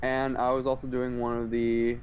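Mid-pitched male gamer, steady step-by-step explainer on a voice call. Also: moderate pace, highs cut off, slight background noise. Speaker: game player on voice chat. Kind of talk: casual gaming voice chat.

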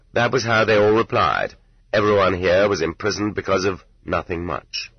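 Deep, husky male audiobook narrator. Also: dry recording. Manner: measured, even reading. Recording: dull lo-fi tape, dry.

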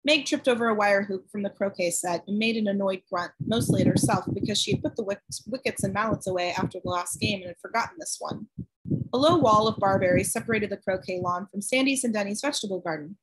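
A woman reading a novel aloud with steady, even storytelling. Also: mid-range voice, quick pace, breathy edge, low-quality recording. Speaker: audiobook narrator.

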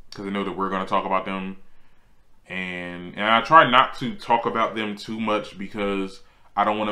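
A man hosting his own celebrity gossip show, chatting casually and sassily, jumping up in pitch to make a point. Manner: animated and sassy, swings high for emphasis. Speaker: host.

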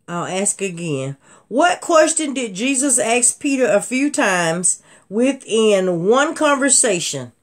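A woman hosting a live online jewelry sale and Bible quiz, talking in a chatty, folksy way to her viewers. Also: fairly high pitch. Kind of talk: casual live-stream selling with Bible trivia.

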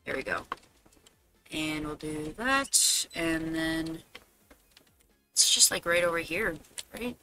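Bright-voiced man streaming a game. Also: fairly high pitch, expressive, takes it slowly, pauses often, faint music behind. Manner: chatty, fretting aloud, bursting into loud dramatic cries. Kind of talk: casual gameplay commentary on a live stream.

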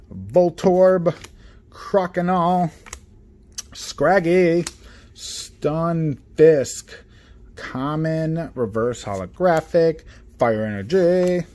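A man hosting a card-opening video, listing cards quietly and getting excited over good pulls. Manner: excitable, repeats "guys" and "oh my god"; lists cards in a low, subdued voice. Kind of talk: casual unboxing commentary.

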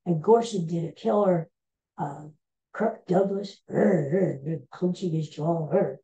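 Podcast host, a man in his 60s, rambling with lots of ums, mellow tone, lo-fi sound. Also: fairly high pitch, unhurried. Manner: rambling, hesitant, many filler sounds. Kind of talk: casual chat.

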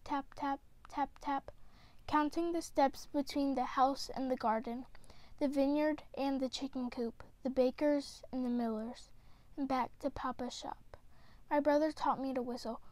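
Lady reading a kids' book out loud, high voice, slow and gentle, dry close sound. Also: no echo. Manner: gentle, expressive storytelling. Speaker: children's book reader. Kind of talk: read-aloud storybook narration.

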